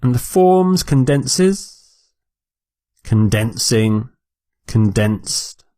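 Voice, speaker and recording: A man teaching English vocabulary, repeating each word clearly and explaining it for learners. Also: medium pitch, lively intonation, very slow, warm tone, dry recording. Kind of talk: slow, deliberate vocabulary lesson.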